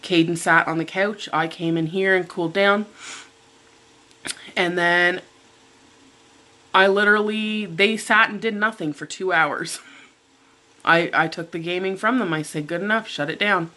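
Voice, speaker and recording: Middle-aged woman, storytime vlogger, lowish pitch, sharp tone, animated. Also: a little slow, pauses often. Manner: animated retelling, acting out her own quoted lines. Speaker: mukbang vlogger. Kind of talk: storytime chat over breakfast.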